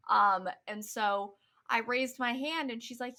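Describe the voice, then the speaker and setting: Young woman, podcast co-host, giggly storyteller, bright and a little high. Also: takes it slowly, pauses often. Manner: giggly, storytelling with frequent ums and swearing. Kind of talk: casual chat.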